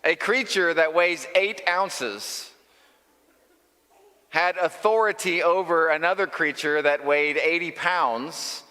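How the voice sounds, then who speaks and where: A man's voice: mid-range voice, bright, forceful tone, in a large hall. A man preaching a sermon as pastor, telling a story in short, emphatic phrases.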